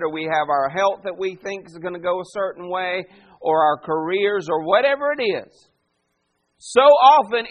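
A man with a high voice preaches a sermon. He slips into the voices of the people in his story and keeps putting pointed questions to his listeners. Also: fairly bright tone. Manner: dramatic voicing of quoted figures, rhetorical questions. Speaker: pastor.

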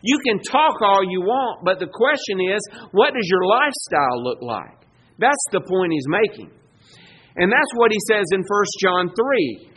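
A man's voice: sits high, sing-song, a little slow, fairly bright tone, slight background noise. A man preaching a sermon, emphatic and rising in volume when he quotes scripture. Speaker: pastor.

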